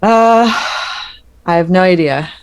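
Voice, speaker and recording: A woman's voice: lowish voice, slow pace, smooth, dull audio. A woman who is a guest on a casual podcast, talking bluntly and playfully and laughing a lot.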